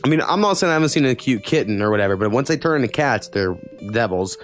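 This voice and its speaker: A man's voice: medium pitch, animated, faint music behind. A man co-hosting a casual podcast, blunt and swearing freely, speeding up in bursts as he rants. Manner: blunt, swears a lot, talks in quick bursts. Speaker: podcast co-host.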